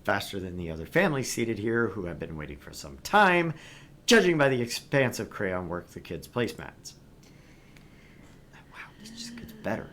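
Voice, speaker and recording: A man hosting a let's play, reading a visual novel aloud in an expressive way. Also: lowish voice, normal speed. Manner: expressive narration with laughs.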